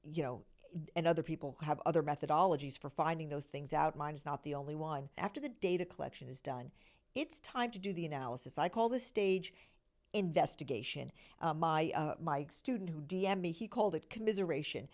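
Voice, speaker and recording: A middle-aged woman hosting a podcast, explaining a self-discovery method in an earnest, conversational teaching manner, often checking in with "okay?" and dropping into soft whispered asides. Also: sits low, animated, brisk.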